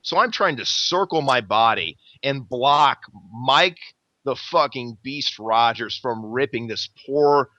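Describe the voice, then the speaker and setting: A man rambles through a profane story with a bright, forceful voice. He swears constantly and keeps the energy animated. The sound is dry and a bit dull, like a lo-fi podcast recording. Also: medium pitch, takes it slowly, no room sound. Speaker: podcast host.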